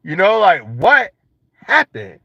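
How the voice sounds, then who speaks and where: A young man casually joking and riffing to his viewers in a vlog, slangy and animated. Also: high-pitched, slow pace, slightly rough. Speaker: vlogger. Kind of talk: casual monologue to camera. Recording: dull lo-fi sound.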